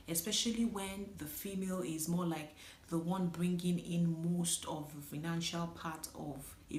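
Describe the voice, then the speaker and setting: A woman's voice: lowish voice, a little hiss or hum. A woman from Nigeria giving a casual, candid spoken movie review, chatting directly to viewers and laughing often. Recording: echoey room.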